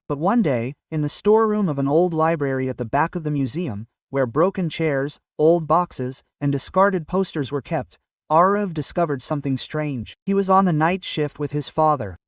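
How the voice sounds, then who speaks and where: A man reading a scripted story aloud in an even storytelling manner, voicing every quote in the same voice. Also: fairly high pitch, normal speed, no echo, studio quality, recorded from a distance. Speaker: narrator.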